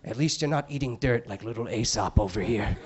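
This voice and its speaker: A man voicing a smarmy middle-aged male TV charity spokesman who guilt-trips viewers in a low, hushed sales pitch. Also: brisk, close to an everyday voice. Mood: guilt-tripping.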